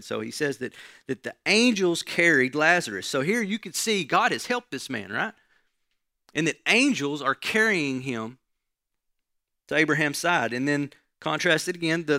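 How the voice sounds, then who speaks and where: A man's voice: fairly high pitch, creaky, bright, forceful tone, dry recording, clean studio sound. A man preaching a conversational sermon, often checking in with the listeners by asking "right?". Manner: conversational teaching, frequent "right?" asides.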